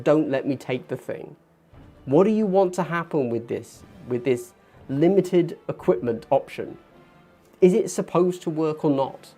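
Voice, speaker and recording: A man in his thirties hosting a casual hobby livestream, chatty and animated, getting worked up and poking fun at himself. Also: on the high side, gravelly. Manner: chatty, animated, gets worked up and self-deprecating. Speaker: livestream host. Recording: faint background music.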